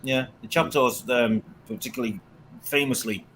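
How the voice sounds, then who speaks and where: A man's voice: mid-range voice, normal speed, a little hiss or hum, poor audio. A man in his forties from England, hosting a casual political discussion and slipping into mocking impressions. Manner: animated, slips into mocking impressions.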